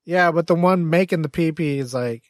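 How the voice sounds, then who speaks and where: A man's voice: a little high, moderate pace, no echo, studio quality. A man co-hosting a comedy podcast, chiming in with wry questions in casual banter. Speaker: podcast co-host.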